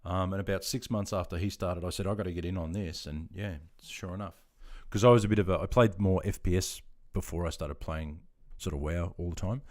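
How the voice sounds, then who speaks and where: A fifty-something Australian man with a lowish voice talks easily on a live stream. He reads viewer comments aloud and answers in a relaxed, friendly way, laughing often. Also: a little fast, few pauses. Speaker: live streamer, army veteran. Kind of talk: casual live-stream chat.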